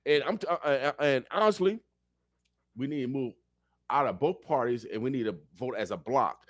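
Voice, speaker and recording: A man's voice: mid-range voice, animated, moderate pace, no room sound, clean studio sound. A man speaking as a radio show guest, talking politics in a fiery, preacher-like way and repeating phrases for emphasis. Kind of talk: impassioned political talk. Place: radio studio.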